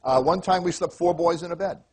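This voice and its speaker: A man's voice: a little high, a little fast, slightly rough. A man from New York giving a comic motivational keynote, joking and speaking straight to the audience. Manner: joking, animated, addresses the crowd directly.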